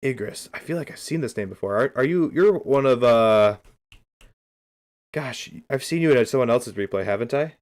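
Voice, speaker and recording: A man's voice: mid-range voice, animated, moderate pace, darkish tone. Rambling, upbeat male streamer. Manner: loose and rambling, talks straight to chat; upbeat, keeps saying beautiful. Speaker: streamer coaching game replays. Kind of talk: casual livestream chat.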